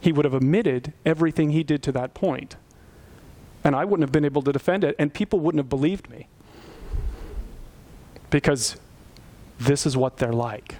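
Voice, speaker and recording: Pastor guy preaching, kinda high voice, tells a story and gets pleading and intense. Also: moderate pace, long pauses, dark tone. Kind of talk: sermon.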